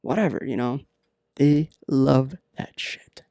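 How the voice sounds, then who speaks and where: A man with a gravelly voice delivers comedic advice in a deadpan ramble, stalling on fillers as he goes. He sounds close and dry, hosting his own podcast. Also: medium pitch, dry recording. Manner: rambling, halting, many fillers. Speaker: podcast host.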